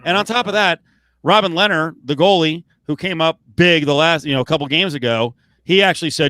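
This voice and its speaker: A man's voice: on the high side, quick pace, sharp tone, dry recording. A man co-hosting a late-night sports podcast, ranting with heated, profane outbursts. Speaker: podcast co-host.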